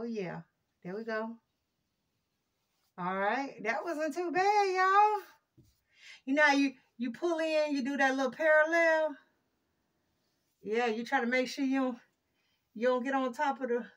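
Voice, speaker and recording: A woman's voice: on the high side, measured pace, pauses often, fairly bright tone. A woman vlogging casually while she works, chatty and exclaiming, a little out of breath. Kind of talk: casual vlog to viewers.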